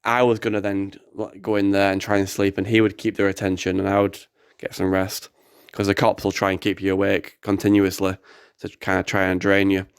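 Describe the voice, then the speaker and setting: A young man with an animated, rambling manner, telling a story casually on a podcast. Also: low voice, fairly quick, clean tone, dry recording, clean studio sound. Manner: animated, excitable, rambling with fillers. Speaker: activist podcast host.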